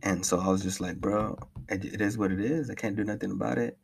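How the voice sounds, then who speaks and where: A young man with a deep, husky voice talks casually in a solo podcast update. He rambles, swears a lot and restarts his sentences often. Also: steady tone, a little fast. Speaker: podcast host.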